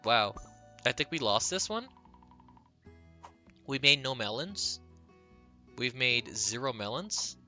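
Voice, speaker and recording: A man's voice: medium pitch, big pitch swings, slow pace, long pauses, bright, forceful tone, faint music behind. A man streaming a video game, chatting playfully with his viewers and giggling at his own jokes. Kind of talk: casual live-stream chat while gaming.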